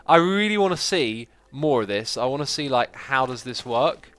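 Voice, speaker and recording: A man chatting casually as he streams a game, excitable and quick to laugh. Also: mid-range voice, no room sound. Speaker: livestreaming gamer. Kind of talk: casual gameplay commentary.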